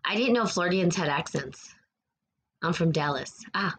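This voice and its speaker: Livestream host, woman, New Mexico accent, low voice, earnest and repetitive, chats with viewers. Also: expressive, normal speed, slight background noise. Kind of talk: spiritual livestream chat.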